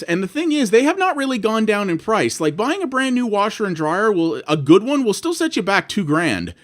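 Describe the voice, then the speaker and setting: A man's voice: sits high, big pitch swings, moderate pace, few pauses. Exasperated swearing man on a rant. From Canada. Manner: exasperated, swearing, acts out both sides of phone calls. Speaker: vlogger. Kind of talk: ranting monologue.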